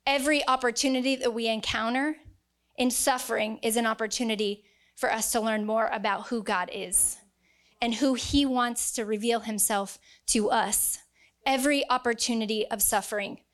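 A woman's voice: a little high, fairly even intonation, moderate pace, a bit bright. A woman preaching a sermon to a congregation, earnest and emphatic, reading scripture aloud. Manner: earnest, emphatic, acts out quoted voices.

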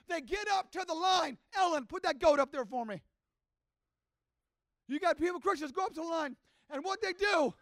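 A man preaching a sermon, telling a story with passion and rising to shouts. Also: very high-pitched, dry recording. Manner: impassioned storytelling that builds to shouting. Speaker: pastor.

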